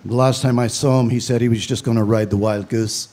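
A man's voice: mid-range voice, fairly even intonation, fairly quick, warm tone. A man from Belfast with a Northern Irish accent, giving a eulogy with dry, storytelling humor. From Belfast, Northern Ireland. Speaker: funeral speaker.

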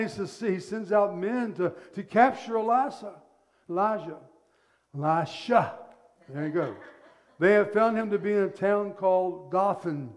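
A male pastor preaching a sermon, telling the story in an animated way and acting out the scenes. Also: high voice.

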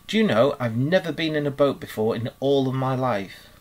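A man, voicing a shy, eager young male mole in a storybook reading, breathless and excitable. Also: mid-range voice, normal speed, natural voice. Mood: wondering.

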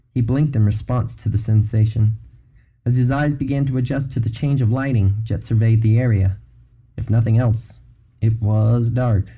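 A man reading a fantasy novel aloud in a measured storytelling manner. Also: mid-range voice, mellow, poor audio. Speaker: narrator.

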